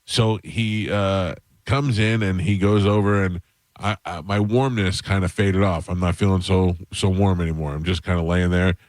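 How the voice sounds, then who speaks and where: Speaking into a close studio mic, a male radio host tells a long, self-mocking story, rambling casually and restarting sentences along the way. His voice is deep and steady at a normal speed, and the recording is dry.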